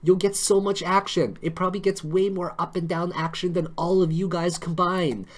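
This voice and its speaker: A man's voice: high-pitched, level tone, moderate pace. A man hosting a live stream on crypto charts, chatty and joking, always checking in with tag questions.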